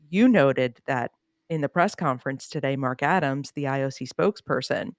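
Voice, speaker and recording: A woman's voice: deep voice, no room sound, studio quality. A woman co-hosting a casual sports chat show, giving sarcastic, opinionated commentary. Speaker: podcast co-host. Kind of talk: casual chat about Olympic news.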